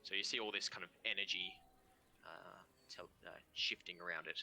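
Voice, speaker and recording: A man's voice: low voice, fairly even intonation, moderate pace, vocal fry, pushed and bright. A man with an Australian accent, the game master narrating a tabletop game in a casual way, trailing off with fillers. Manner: casual, laughs easily, trails off with "um" and "kind of".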